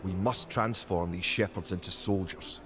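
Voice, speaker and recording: A man's voice: low-pitched, fairly even intonation, normal speed, close to an everyday voice. A man voicing a grave Scottish narrator. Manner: solemn, instructive. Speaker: game tutorial narrator. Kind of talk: scripted game narration. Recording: game audio with loud music.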